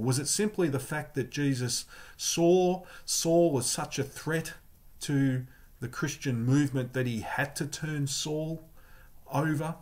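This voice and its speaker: A man preaches an online sermon in a slow, deliberate delivery. He speaks earnestly and emphatically, building his points through strings of repeated phrases, with his voice at a middle pitch for a man. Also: a little mellow. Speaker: Salvation Army pastor.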